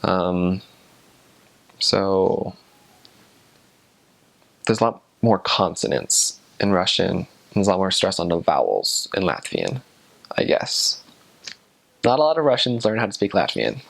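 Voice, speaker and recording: A man's voice: low-pitched, very animated, slow pace, creaky, pauses often, a bit bright. A young man, a returned missionary, giving a casual, rambling explanation to the camera with lots of hedging. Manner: loose, rambling talk full of hedges.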